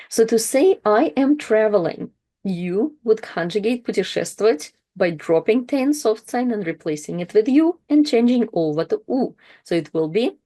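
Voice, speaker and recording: A woman teaching a language lesson, patiently explaining verbs and repeating each word slowly for practice. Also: medium pitch, warm tone.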